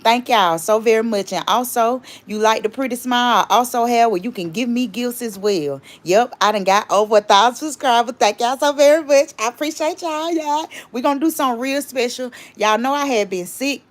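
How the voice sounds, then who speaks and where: A woman's voice: on the high side, brisk, hardly any pauses. A woman hosting a casual livestream, rambling chattily and stopping to greet and thank viewers. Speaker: livestream host.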